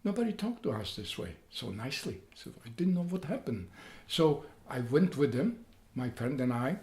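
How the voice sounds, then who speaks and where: An elderly man in his eighties from Poland, speaking, tells his own story in a halting way, repeating words and growing loud as he relives events. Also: mid-range voice, sing-song. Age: 80s. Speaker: interviewee. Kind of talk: personal storytelling. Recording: roomy echo.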